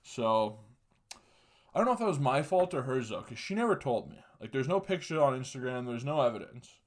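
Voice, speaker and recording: A man's voice: medium pitch, big pitch swings, a little fast. Joking, swearing young man telling stories. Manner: profane, joking, laughs mid-sentence. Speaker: podcast host. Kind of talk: casual solo podcast storytelling.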